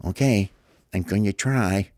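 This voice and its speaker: A man's voice: lowish voice, measured pace, darkish tone, no echo, clean studio sound, pitched below the performer's own voice, close to an everyday voice. A man doing a timid whiny little bird. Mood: nervous. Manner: hesitant, whiny. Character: timid young bird, scared of sledding.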